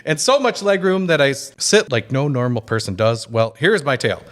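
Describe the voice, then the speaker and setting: A man's voice: medium pitch, animated, normal speed. A man co-hosting a podcast in casual chat, reading listener emails aloud in a jokey way and chuckling as he goes. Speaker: podcast co-host.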